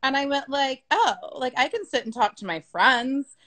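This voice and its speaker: A woman's voice: high voice, animated, normal speed, fairly bright tone. A woman talking frankly and casually in an interview, with many fillers and the odd swear word. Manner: frank, chatty, sprinkled with swearing and "like". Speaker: business coach being interviewed.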